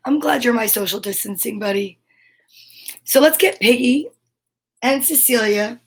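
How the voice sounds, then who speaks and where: High-voiced woman hosting a kids' show. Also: measured pace, breathy edge. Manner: cheerful, goofy, reads out long lists of names. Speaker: host of a kids' story time show. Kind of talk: casual chat to children.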